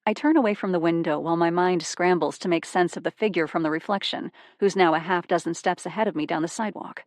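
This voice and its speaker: A woman narrating a first-person psychological thriller audiobook, tense and hushed in dark moments. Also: fairly low pitch, quick pace, dry recording, studio quality.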